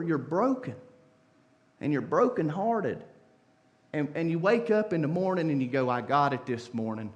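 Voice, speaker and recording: A man preaching a sermon in a church, swinging from soft, hushed pleas up to loud, impassioned climaxes. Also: sits high. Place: church sanctuary.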